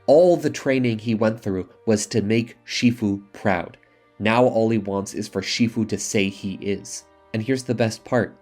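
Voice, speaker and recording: A man's voice: lowish voice, a little mellow. A man delivering a scripted video essay, retelling and judging film scenes with earnest enthusiasm. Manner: earnest, enthusiastic storytelling about films.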